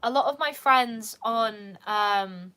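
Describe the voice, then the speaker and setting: Young British woman vlogger, high-ish bright voice, rambling and casual. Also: slow, smooth. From United Kingdom. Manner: chatty, peppered with "like". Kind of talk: casual chat.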